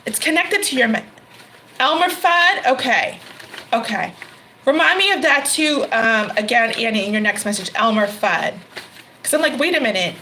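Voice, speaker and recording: A woman's voice: a little high, lively intonation, moderate pace, bright, forceful tone, a little hiss or hum, rough recording. A woman hosting a live-stream tarot reading, talking casually to viewers by name and laughing often.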